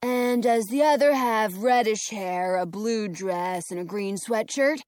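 A woman voicing a literal-minded male castle guard in a storybook, speaking deadpan and matter-of-fact. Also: medium pitch, a little slow, no echo, clean studio sound, lightly acted.

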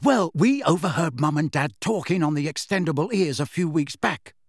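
This is a cheeky teenage prankster from a storybook, voiced by a man reader. He talks in a breezy, mocking way, with a lively, bouncing pitch. The sound is dry and close. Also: moderate pace, dry recording. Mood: teasing. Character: teasing teenage twin boy, cheeky prankster.

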